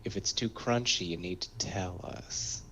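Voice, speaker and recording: A man playing it slow and deadpan, improv comedy. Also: low-pitched, gravelly, a little hiss or hum, voice pushed down, full character voice. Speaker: improv performer.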